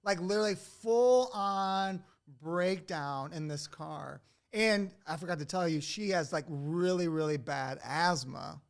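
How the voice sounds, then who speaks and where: A man hosting a podcast who tells a personal story in casual conversation. He is animated, laughs often and fills his speech with "like". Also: a little high, measured pace, gravelly, few pauses.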